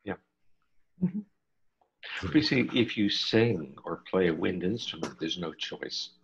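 Older male guest expert, very low and gravelly, measured explainer, lo-fi call audio. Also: lively intonation, a little hiss or hum. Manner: measured, lecturing, drawn-out phrases. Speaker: interview guest, researcher. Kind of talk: explanatory conversation.

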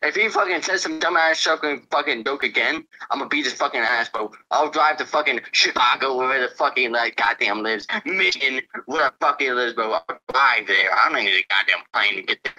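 A man's voice: medium pitch, a little fast, bright, forceful tone, rough recording. A man ranting angrily at friends in a gaming voice chat, swearing and repeating "bro". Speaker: gamer friend. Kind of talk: angry rant in voice chat.

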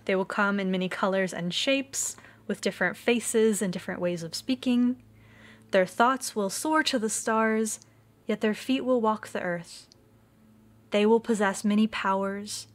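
A woman reading the part of a wise, ancient female turtle, speaking slowly and gently. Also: medium pitch, natural voice. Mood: solemn. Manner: slow, gentle and measured.

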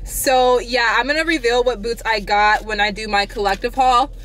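A young woman vlogging in a casual, chatty way, her voice jumping up high when she gets excited. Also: moderate pace. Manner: chatty and animated, swoops up high on exclamations. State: out of breath. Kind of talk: casual vlog chat.

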